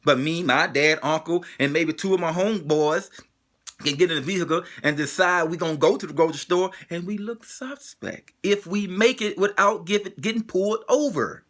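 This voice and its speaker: A man's voice: on the high side, normal speed, a bit bright. A man delivering an emotional spoken monologue, driving it forward with the same pointed rhetorical question again and again.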